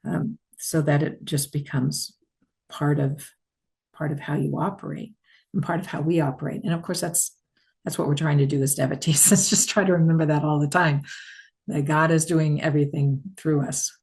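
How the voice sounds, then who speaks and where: An older woman, a spiritual teacher, gently answering questions in a satsang talk, rambling with many restarts. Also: deep voice, steady tone, normal speed, vocal fry.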